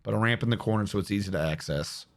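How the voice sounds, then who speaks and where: A man's voice: fairly low pitch, fast. A man casually thinking aloud as he plays a building game and answers his chat on a stream. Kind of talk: casual gameplay commentary. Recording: game stream with music behind. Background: guitar music.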